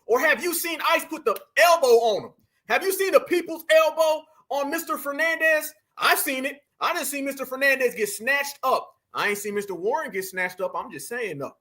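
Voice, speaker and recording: A man's voice: extremely high pitch, moderate pace, bright, forceful tone. A man, hosting casual reaction commentary, emphatic and profane, calling his viewers fam. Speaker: commentary channel host.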